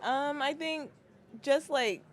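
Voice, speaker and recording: A young adult woman, a basketball player guest in an interview, answering in a relaxed, hesitant way with many fillers. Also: high-pitched, slow pace. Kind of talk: interview conversation.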